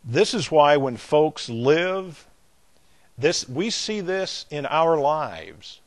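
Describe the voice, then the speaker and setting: An older man with a Southern American drawl delivers a sermon. His voice sits a little high, and he stretches and repeats words, swelling louder on the points he wants to drive home. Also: very animated. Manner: emphatic, drawn-out delivery that swells in loudness on key words. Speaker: preacher.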